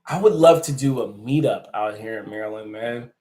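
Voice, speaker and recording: A man's voice: lowish voice, normal speed, darkish tone, faint music behind, rough recording. A man hosting a casual live stream who answers viewer comments and laughs often. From United States. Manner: chatty and joking, laughs often.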